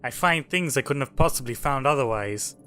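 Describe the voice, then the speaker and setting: Dude reading a lady detective, hesitant, kinda guarded, bright voice, little music underneath. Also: medium pitch, lively intonation, fairly quick. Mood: unsure. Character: young woman detective, guarded and determined. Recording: faint game music under voice.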